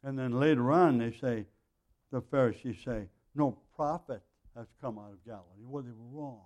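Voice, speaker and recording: Mellow-voiced man teaching scripture. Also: mid-range voice, moderate pace. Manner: conversational, clears throat often, restarts and asides. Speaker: Bible teacher. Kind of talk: verse-by-verse Bible teaching.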